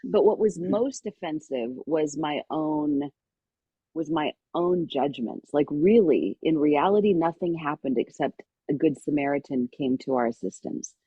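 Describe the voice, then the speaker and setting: A middle-aged woman guest on a podcast, telling a personal story with lively energy and acting out the voices of people in it. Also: deep voice, unhurried, breathy edge, no echo, dull audio. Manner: lively storyteller who acts out quoted voices.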